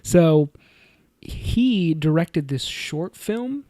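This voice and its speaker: A man's voice: on the high side, animated, drawn-out words, dark tone. A man co-hosting a film review podcast, talking casually, giggling often and rambling with many fillers. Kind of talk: casual chat.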